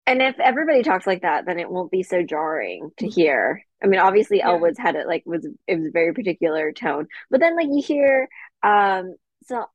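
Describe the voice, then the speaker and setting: A woman's voice: lowish voice, sing-song, a little fast, dull audio. A woman guest on a podcast, chatting casually, using "like" a lot and laughing often. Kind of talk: casual chat.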